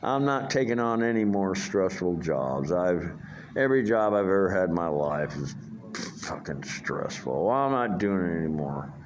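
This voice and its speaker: A man's voice: deep voice, lively intonation, normal speed, a little hiss or hum. An older man talks in a rambling, profane vlog monologue, full of fillers and restarts. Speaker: vlogger.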